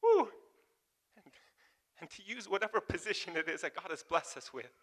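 A man's voice: sits high, sing-song, normal speed, a bit bright. A man preaching a sermon in a loose, casual way, often laughing and asking the congregation questions. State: warm and sweating from exertion. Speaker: pastor.

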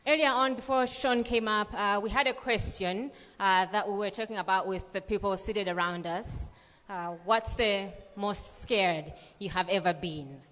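A woman's voice: mid-range voice, normal speed. Woman telling a story in a hall. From Malawi. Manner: lively storytelling with many fillers. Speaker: speaker at a church gathering. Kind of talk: scripture reading and personal testimony. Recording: long reverb of a large hall.

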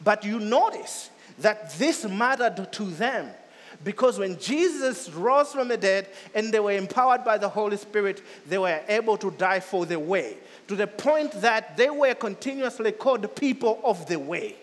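Preaching in a notably high voice with lively intonation at normal speed, a male pastor drives home repeated phrases. His sermon rises to loud, urgent climaxes and falls back soft and low, echoing with a long reverb as in a big hall.

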